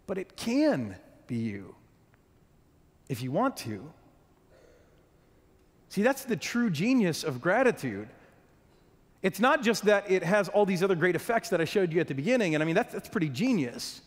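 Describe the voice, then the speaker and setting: A man's voice: high voice, very animated, normal speed, pauses often. A man preaching a sermon as a pastor, earnest, often restarting and repeating words as he goes. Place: church hall. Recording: long hall reverb.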